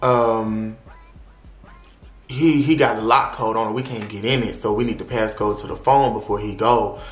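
Profane, animated young man telling a story. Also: lowish voice, moderate pace, soft background music. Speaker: vlogger. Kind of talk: storytime vlog. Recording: roomy echo.

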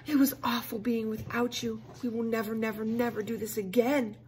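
A woman voicing a tearful, doting father who speaks slowly and emotionally. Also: fairly high pitch, flat delivery, a little mellow, a little hiss or hum, voice pushed up, natural voice.

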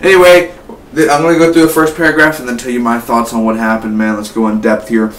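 A man's voice: medium pitch, fast talker. Teen dude rambling thru a movie review, says "man" constantly, sounds far off in a roomy echoey space. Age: late teens. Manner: rambling, excitable, peppers speech with "man". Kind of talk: casual spoiler review. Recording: echoey room, mic at a distance, faint hum.

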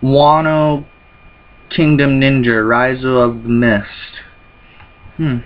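Male manga reactor, mid pitch, reads panels aloud, dull lo-fi sound. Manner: reads character lines in quick put-on voices between plain remarks. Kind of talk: reading a manga chapter aloud with commentary.

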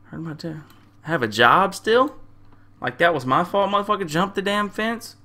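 Bright-voiced young man cussing out game characters. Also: sits high, expressive, normal speed. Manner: loud, crude trash talk at game characters; slangy, repeats himself. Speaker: gamer playing a game. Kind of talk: profane casual gameplay commentary.

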